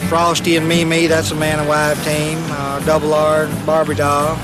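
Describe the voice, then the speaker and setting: A truck driver with a Kentucky accent chatting in a plainspoken, easygoing way in an interview. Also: male voice, on the high side, completely flat delivery, normal speed, over loud music. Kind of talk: casual interview.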